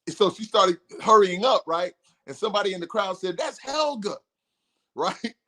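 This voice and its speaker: Animated man telling tour stories. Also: high-pitched, moderate pace. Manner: animated, acts out quotes in a raised voice. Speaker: podcast guest, musician. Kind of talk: casual storytelling.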